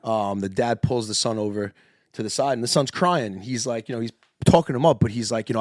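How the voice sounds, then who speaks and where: A young man in his twenties trades loose, casual banter as a podcast co-host. He is animated, swears freely and laughs often. His voice sits at a medium pitch and sounds close and dry, with no room around it. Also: brisk, no room sound.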